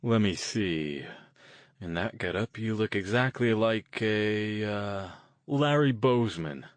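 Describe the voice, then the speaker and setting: A man's voice: animated, takes it slowly, dry recording. A man doing a jokey young guy. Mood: playful. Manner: deepened, playful voice.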